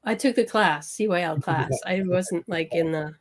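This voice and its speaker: This is a woman from Minnesota who is a guest on a casual online interview. She chats in a relaxed way and laughs easily. She is heard through a video-call mic. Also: fairly low pitch, normal speed.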